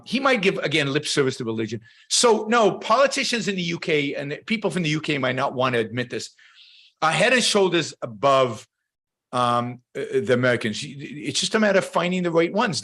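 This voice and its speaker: A man's voice: fairly high pitch, very animated, a little fast, fairly bright tone. A middle-aged man hosting a show, giving opinionated, emphatic commentary with lots of fillers and restarts. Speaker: show host. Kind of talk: casual livestream commentary.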